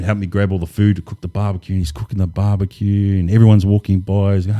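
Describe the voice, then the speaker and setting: A man, relaxed and laid-back, telling stories as an interview guest with lots of casual fillers. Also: low voice, fast, few pauses, no room sound, clean studio sound. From New Zealand. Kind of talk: casual storytelling.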